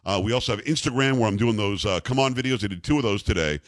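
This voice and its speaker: A man's voice: fairly low pitch, fast talker, no room sound, studio quality. A man hosting a talk radio show, ranting indignantly and repeating the call-in number.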